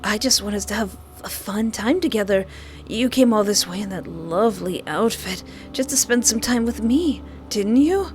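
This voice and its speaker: A woman voicing a soft-spoken, creepy young man who holds someone captive, talking slowly and coaxingly in a visual novel. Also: medium pitch, expressive, a little hiss or hum, natural voice. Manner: soothing, slow and coaxing.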